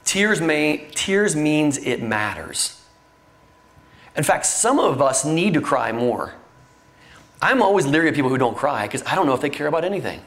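A man's voice: on the high side, big pitch swings, normal speed, a bit bright. A middle-aged man preaching a sermon in an earnest, conversational way, with frequent fillers and restarts. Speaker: pastor.

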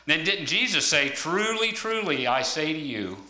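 A man's voice: a little high, animated, normal speed, pushed and bright. A man giving a conversational sermon, searching for words with frequent ums and restarts. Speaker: lay preacher. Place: church hall. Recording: echoey room.

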